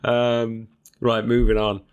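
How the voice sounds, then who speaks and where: A man co-hosting a podcast, chatting casually with animated, teasing banter. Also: medium pitch, takes it slowly, smooth, muffled recording. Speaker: podcast co-host. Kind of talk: casual chat.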